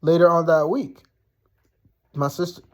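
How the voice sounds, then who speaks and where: A man's voice: fairly high pitch, steady tone, unhurried. A young man casually telling a personal story, blunt and profane, rambling with lots of fillers.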